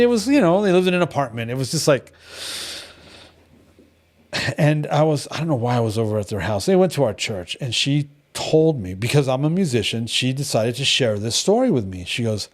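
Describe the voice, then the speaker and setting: Animated, blunt storytelling man. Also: mid-range voice. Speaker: devotional group leader. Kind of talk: casual teaching talk.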